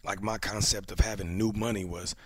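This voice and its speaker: A man in his thirties with a low, husky voice tells a story on a casual podcast, animated and full of acted-out quotes. The sound is close and dry, with no room around it. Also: a little fast, no room sound. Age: 30s. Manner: animated storyteller who acts out quoted voices, drops to whispers. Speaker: podcast co-host.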